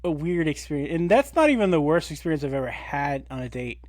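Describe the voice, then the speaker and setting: A man in his thirties, a podcast co-host, telling a story in a casual, animated way, swearing and acting out quotes. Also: a little high, quick pace, no echo. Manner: animated, profane, acts out quotes.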